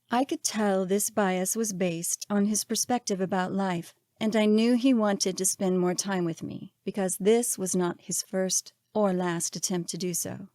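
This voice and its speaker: A woman with a mid-range voice narrates her own memoir as an audiobook. She reads in a measured, expressive way. The recording is dry and close-miked, with no room sound. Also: mid-range voice, no echo.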